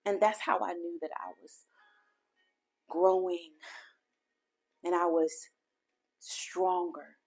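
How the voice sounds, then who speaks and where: A woman's voice: fairly low pitch, steady tone, slow, long pauses, husky, soft background music. A woman podcast host telling a personal faith testimony in an earnest, heartfelt way, speaking directly to her listeners.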